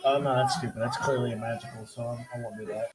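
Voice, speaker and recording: A man's voice: medium pitch, steady tone, quick pace, over a noisy crowd. A man playing in a tabletop game, talking hesitantly and swearing casually. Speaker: player. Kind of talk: casual chat. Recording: quiet mic with faint noise.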